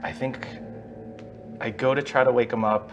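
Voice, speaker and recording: A man's voice: medium pitch, steady tone, moderate pace, muffled recording, over music. A man as a player in a tabletop game, talking hesitantly with many fillers. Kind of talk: casual tabletop play.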